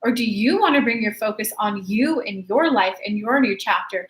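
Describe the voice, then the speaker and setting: A woman's voice: mid-range voice, animated, moderate pace, few pauses. A woman coaching live as she answers viewer questions, in a chatty, emphatic way. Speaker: law of attraction coach.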